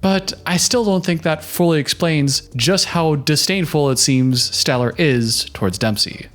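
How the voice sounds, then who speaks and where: A man's voice: fairly high pitch, measured pace. A man doing casual reaction commentary, chatty and opinionated, giving relationship advice.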